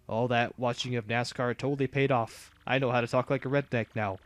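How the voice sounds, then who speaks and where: A man's voice: medium pitch, fairly even intonation, a little fast, few pauses. Rambling casual gaming host, a man. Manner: rambling, with restarts and fillers. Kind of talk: casual let's-play commentary.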